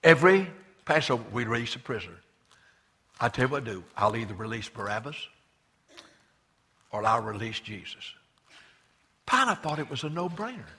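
Male pastor, bright forceful tone, husky edge, impassioned sermon, loud then hushed. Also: medium pitch, very animated, normal speed, pauses often, in a large hall. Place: church sanctuary.

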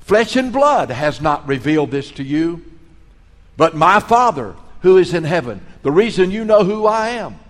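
Earnest preacher in a hall. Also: male voice, fairly high pitch, very animated, normal speed. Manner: earnest, storytelling preacher, swells in volume on key phrases. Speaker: pastor. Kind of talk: sermon. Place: large hall, school auditorium. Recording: long echo of a large hall.

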